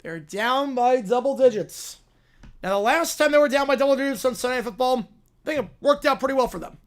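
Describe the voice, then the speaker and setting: A man hosting a live stream, calling football play-by-play and answering viewer questions between plays. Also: extremely high pitch. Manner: rises and slows into excited calls on big plays, drops to quiet asides answering chat.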